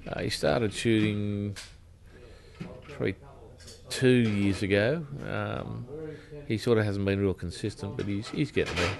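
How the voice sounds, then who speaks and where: An Australian shooting coach speaking in a laid-back, hesitant way at an outdoor range. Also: male voice, on the low side, measured pace, gravelly, pauses often, noisy background. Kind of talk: documentary interview. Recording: loud gunfire behind.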